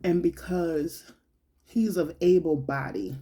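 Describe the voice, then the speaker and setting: A young adult woman talks slowly and from the heart in a personal monologue. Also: fairly low pitch, dark tone, slightly rough. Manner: slow, heartfelt, colloquial and conversational. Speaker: vlogger.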